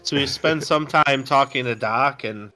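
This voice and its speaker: A man's voice: medium pitch, a little slow, pushed and bright. A man playing a tabletop game, plainly describing what his character does. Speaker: player. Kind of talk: casual tabletop game talk.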